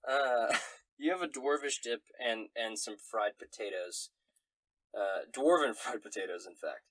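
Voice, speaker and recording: A man runs a tabletop game as game master, narrating in a jokey, giggly way. His voice is husky. It sounds dry, with no room echo. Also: mid-range voice, measured pace, fairly bright tone.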